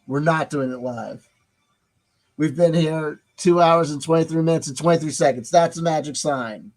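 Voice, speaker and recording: Man, slightly high voice, rambling, musing aloud, swearing, casual live-stream commentary. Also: moderate pace, a little mellow, rough recording.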